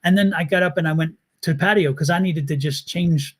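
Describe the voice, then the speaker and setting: High-voiced man telling a story. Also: brisk. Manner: animated, laughing, acts out his own thoughts. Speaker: tarot reader and host. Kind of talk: casual storytelling chat.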